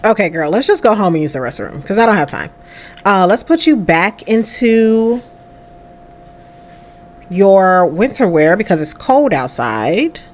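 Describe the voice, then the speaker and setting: This young woman's mid-range voice swings widely in pitch while she keeps a measured pace. Hosting a let's play of a life-sim game, she chats casually and addresses her character during gameplay.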